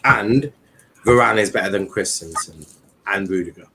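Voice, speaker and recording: Man, lowish voice, casual football stream host, rambling, lots of ums and restarts. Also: moderate pace, background noise. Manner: rambling, many fillers and restarts. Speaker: livestream host.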